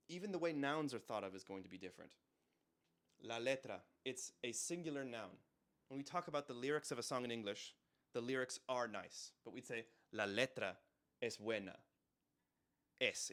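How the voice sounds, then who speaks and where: A man's voice: medium pitch, a bit bright. Casual man explaining grammar. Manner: conversational, repeats example phrases aloud. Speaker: Spanish teacher.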